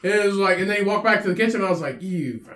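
A man co-hosting a podcast, telling stories in a loud, profane, animated way. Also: high voice, racing. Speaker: podcast co-host. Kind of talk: casual chat. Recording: roomy echo.

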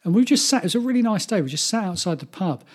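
Guy, husky kinda high voice, rambling through a story, lots of restarts. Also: very animated, fast talker, a little mellow. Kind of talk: casual chat, storytelling.

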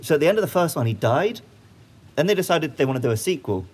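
A man's voice: on the high side, sing-song, fast, darkish tone, husky. A man co-hosting a casual podcast, laughing often. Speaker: podcast co-host. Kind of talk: casual chat.

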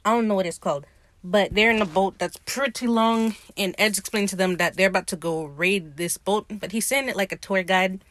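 A woman hosting a podcast, talking in a casual, slangy and profane way, opinionated and animated as she recaps. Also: mid-range voice, fairly quick, no room sound. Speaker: podcast host recapping a TV episode. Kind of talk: casual chat.

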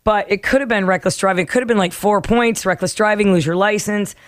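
A middle-aged woman chatting on a podcast, her voice at a middling pitch. She tells stories in a lively way, putting on the voices of the people she quotes and breaking into laughs. The sound is dry and close. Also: quick pace, dry recording. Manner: animated storyteller, acts out quotes, laughs often. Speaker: podcast co-host. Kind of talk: casual chat.

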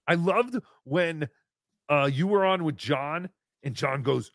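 A man's voice: on the high side, takes it slowly, fairly bright tone, no room sound, studio quality. A man hosting a comedy podcast, rambling in a goofy, joking way. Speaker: podcast host.

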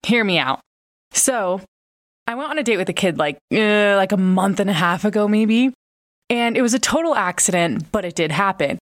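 A woman's voice: mid-range voice, lively intonation, moderate pace. A woman in her twenties who sounds congested and nasal from a broken nose, chatting candidly and casually as a podcast host, with plenty of fillers and swearing. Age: 20s. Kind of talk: casual chat.

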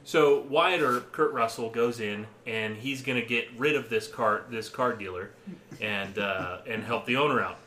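A man in casual podcast chat, an animated storyteller who laughs often and acts out movie lines. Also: mid-range voice, moderate pace, echoey room, slight background noise.

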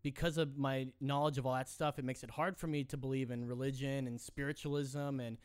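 A man hosting a casual chat show, rambling and excitable with many restarts. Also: mid-range voice, brisk, smooth, dry recording, clean studio sound. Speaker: host.

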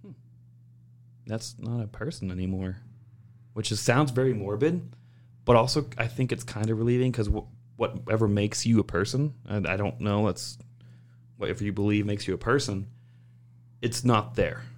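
A man casually telling an animated, profane story about his old job, acting out other people's lines as he goes. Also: lowish voice, moderate pace, long pauses. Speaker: guest recounting work stories.

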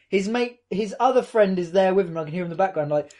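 A man's voice: sits high, animated, fast talker, hardly any pauses, dark tone. A young man, casually telling a long story to friends and acting out the quotes.

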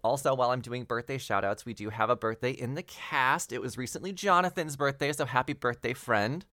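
A man's voice: medium pitch, a little fast, pushed and bright, no echo, studio quality. A man hosting a tabletop role-play podcast, chatty and laughing at himself as he reads thanks and announcements. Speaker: game master and podcast host. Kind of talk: podcast announcements and game narration.

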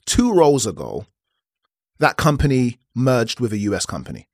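A man in his thirties talks through his own experience as the host of a personal podcast, candid and unscripted. He often slips into the voices of the people in his story. His voice sits at an ordinary middle pitch, and the recording is dry and close with no room sound. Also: huge pitch swings, normal speed, dry recording. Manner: candid storytelling, acting out conversations.

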